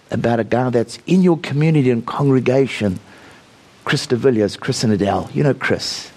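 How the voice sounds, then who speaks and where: A man's voice: mid-range voice, vocal fry, a little mellow, husky. A man preaching a sermon, telling stories and praying aloud with rising fervor. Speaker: visiting preacher.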